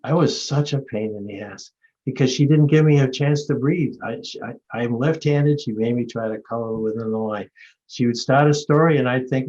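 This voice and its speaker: A man in his seventies from Maine, an award recipient, leads a reflective talk and discussion over a video call, rambling through stories with frequent restarts. His voice is medium-pitched and darkish at a normal speed, and the audio is lo-fi.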